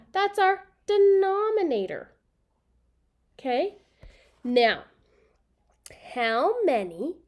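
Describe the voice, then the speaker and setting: A woman teacher leads a children's math lesson at an unhurried pace. Her voice swoops up and down expressively, and she repeats each new word patiently so the class can copy it down. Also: fairly high pitch. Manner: slow, patient, repeats key words for note-taking.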